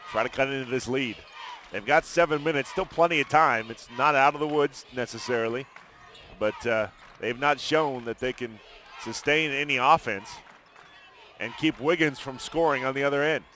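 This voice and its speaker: Bright-voiced man calling a basketball game. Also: mid-range voice, slight background noise. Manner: brisk play-by-play, chatty asides. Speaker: play-by-play announcer. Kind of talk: live basketball commentary. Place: arena broadcast booth.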